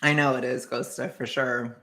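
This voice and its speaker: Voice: medium pitch, fairly even intonation, normal speed, sharp tone. An anxious, jittery streamer chatting casually with viewers in a rambling way and laughing often. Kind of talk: casual livestream chat with viewers.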